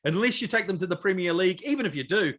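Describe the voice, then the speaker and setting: A man co-hosting a sports podcast in casual, jokey chat, animated and rambling with fillers. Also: high voice, rapid-fire. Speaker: podcast co-host.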